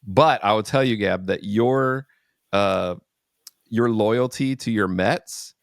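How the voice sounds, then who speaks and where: A man's voice: lowish voice, takes it slowly, creaky, no echo, clean studio sound. A man hosting a podcast in casual chat, joking and loose with many fillers. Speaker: podcast host.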